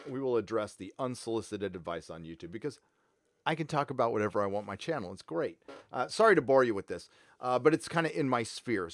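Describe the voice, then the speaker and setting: A man's voice: medium pitch, no echo, clean studio sound. A man hosting a casual livestream, talking bluntly and profanely in a loose, rambling way. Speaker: livestream host.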